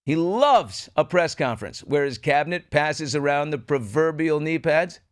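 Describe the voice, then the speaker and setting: A man's voice: on the high side, animated, moderate pace. A man hosting a commentary show, talking in a sardonic way and poking fun at others as he riffs. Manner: sardonic, mocking impressions of others. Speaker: podcast host.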